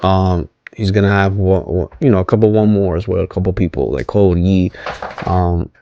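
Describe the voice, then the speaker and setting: Low-voiced man rambling through a recap. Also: steady tone, moderate pace, warm tone, muffled recording, slight background noise. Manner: rambling, hesitant, many ums and self-corrections; asks viewers to comment. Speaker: wrestling recap host. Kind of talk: casual unscripted recap.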